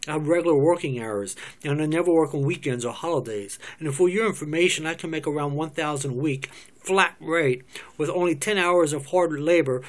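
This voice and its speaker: A man's voice: a little high, close to an everyday voice. A man voicing a brash, defensive woman who runs a call business, in a cold reading of a stage script. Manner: indignant, cursing rant.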